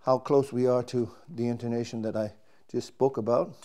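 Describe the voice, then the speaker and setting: A man's voice: medium pitch, fairly even intonation, normal speed, dark tone. A man, a trumpet player, casually explaining and demonstrating his instrument, thinking aloud as he works and restarting his sentences.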